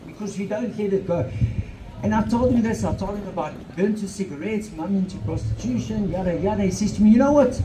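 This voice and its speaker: Speaking into a handheld mic at an outdoor event, a South African motivational speaker delivers an earnest talk sprinkled with Afrikaans phrases. His high voice moves a little fast, and the audio is reverberant with background noise.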